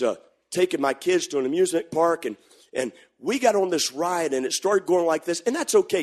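A middle-aged male pastor with a notably high voice delivers an animated sermon. He drops low for storytelling, then rises into fervent shouting. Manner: animated preaching, swings from quiet storytelling to shouting.

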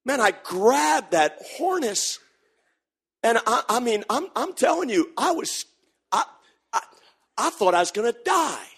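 A middle-aged man preaching a sermon, moving between quiet storytelling and loud, animated shouting. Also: extremely high pitch, a little slow, vocal fry, long pauses, slightly rough. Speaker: pastor.

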